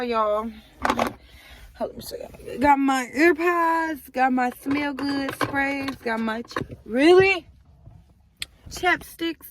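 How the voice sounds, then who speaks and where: A woman's voice: fairly high pitch, a little hiss or hum. A young woman vlogging to her viewers from inside her car, chatty and openly emotional as she talks to them directly. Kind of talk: casual chat to camera.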